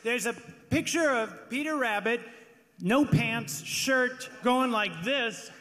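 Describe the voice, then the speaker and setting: A man on a live comedy podcast stage, telling a story with animated, mock-indignant energy. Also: extremely high pitch, slow. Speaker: podcast regular. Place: large theater stage before an audience. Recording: live theater hall with crowd noise.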